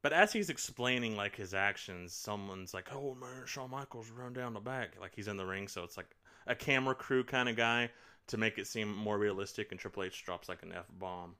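A man's voice: on the low side, moderate pace, bright, forceful tone, clean tone. A man co-hosting a casual podcast, rambling through wrestling recaps with lots of fillers and acted-out quotes. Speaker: podcast co-host. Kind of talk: casual chat.

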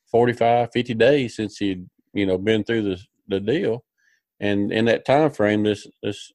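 The podcast host's voice is on the low side with a darkish tone, and the recording has no room sound. He tells a wandering, folksy story, stumbling through fillers and restarts in casual storytelling chat.

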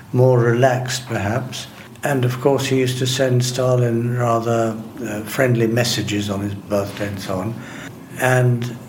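An older man answering interview questions, telling his memories in a measured, deliberate way with occasional hesitations. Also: on the low side, a little hiss or hum. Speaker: interviewee recalling wartime interpreting.

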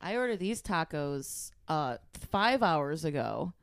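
A demanding, indignant woman customer snaps her complaints down the phone, played by a podcast guest for comedic improv, with a voice that swings widely in pitch. She sounds huffy and entitled. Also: big pitch swings, slow, clean tone, no echo.

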